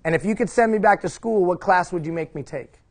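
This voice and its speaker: A man's voice: sits high, brisk. A middle-aged man giving a live leadership seminar, emphatic, repeating key phrases and putting questions to the audience. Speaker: leadership trainer.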